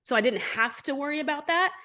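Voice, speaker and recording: A woman in her forties, an entrepreneur guest telling her story in an interview, blunt and animated, with frequent swearing. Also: high voice, quick pace. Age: 40s.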